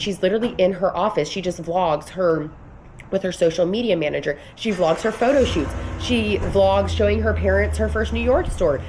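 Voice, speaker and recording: Woman in her thirties, casual vlog coach, earnest and rambling, slightly low pitch, faint room hiss behind. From United States. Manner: earnest, emphatic, rambling with restarts. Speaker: vlogger and business coach. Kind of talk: casual motivational vlog talk.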